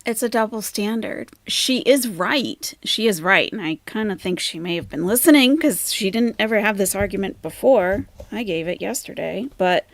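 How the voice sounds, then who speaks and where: A woman's voice: mid-range voice, expressive, moderate pace, creaky, few pauses, no room sound. A woman hosting a reaction commentary channel, talking in a blunt, emphatic way and swearing casually.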